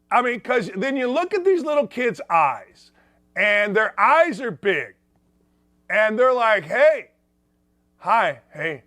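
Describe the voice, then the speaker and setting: A brash, mocking sports talk host with a fairly high voice, pushing his opinions hard at his viewers. The mic is close and dry, with no room sound at all. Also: a bit bright, no room sound.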